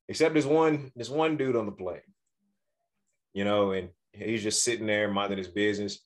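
A man co-hosting a podcast, telling a travel story in a casual, animated way and acting out the people he quotes. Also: fairly low pitch. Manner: animated, acts out quoted voices. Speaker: podcast co-host.

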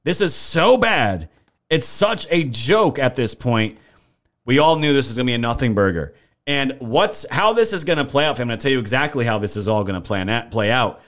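A man's voice: medium pitch, big pitch swings, moderate pace, fairly bright tone. A young man hosting a political livestream, talking indignantly and emphatically, swearing and thanking viewers by name from the chat. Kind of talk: livestream commentary reading chat.

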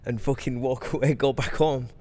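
A man co-hosts a podcast in casual chat. He is blunt and argumentative and swears freely, and his voice sits in a middle pitch. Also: fairly even intonation, moderate pace, darkish tone. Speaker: podcast co-host.

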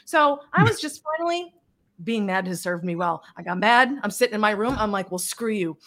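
A woman guest on a video-call interview, telling stories in a blunt, animated way with mild swearing. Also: mid-range voice, brisk. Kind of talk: casual interview chat.

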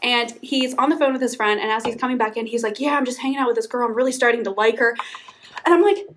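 A woman's voice: fairly high pitch, fairly even intonation, racing, a bit bright, a little hiss or hum. A young woman, telling a dating story on a casual podcast while laughing often. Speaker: podcast co-host.

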